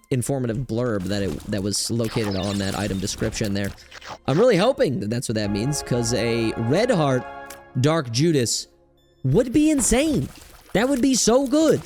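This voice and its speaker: A young man talks through a game in an easygoing, rambling way, full of little fillers and sudden bursts of excitement. His voice sits a touch high and leaps around a lot in pitch. Quiet music plays behind him. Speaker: gaming streamer. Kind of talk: casual gameplay commentary.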